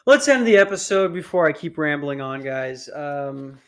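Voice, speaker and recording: A man's voice: a little high, very animated, normal speed. A man hosting a podcast, riffing in casual, profane, rambling comedic commentary on news stories. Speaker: podcast host.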